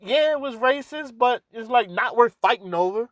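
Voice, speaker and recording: A man's voice: very high-pitched, animated, normal speed, fairly bright tone, no echo. A young man talking in a casual, profane, rambling opinion monologue to his camera. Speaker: vlogger.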